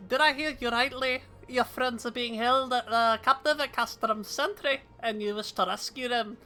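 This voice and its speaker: A bluff fantasy townsman speaks in a rough put-on Scottish accent, as a woman plays him. He reads his game lines in character over a bright, forward tone, with faint music beneath. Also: a little high, normal speed, voice pushed up. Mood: earnest. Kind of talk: reading game dialogue aloud in character.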